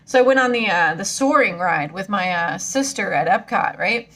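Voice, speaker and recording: A woman vlogger talking frankly and casually to camera, rambling and animated as she tells a personal story. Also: mid-range voice, normal speed. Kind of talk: casual personal vlog talk.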